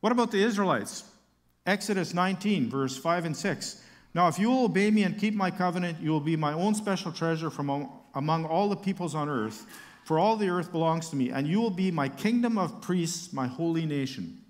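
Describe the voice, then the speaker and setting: A man's voice: a little high, expressive, a little fast, big-room sound. A man preaching a sermon, reading Bible verses aloud and explaining them with casual asides and light humor.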